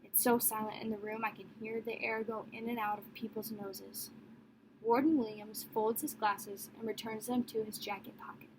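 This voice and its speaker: A woman narrating a novel in the first person, in a measured, descriptive storytelling manner. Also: fairly high pitch, fairly even intonation, background noise. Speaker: audiobook narrator.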